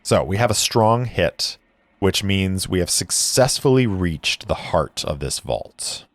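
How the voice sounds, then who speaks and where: A man narrating and playing a solo tabletop role-playing game in a deliberate, descriptive way. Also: low voice, animated, no echo. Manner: deliberate, descriptive, with dice-roll asides. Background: faint music.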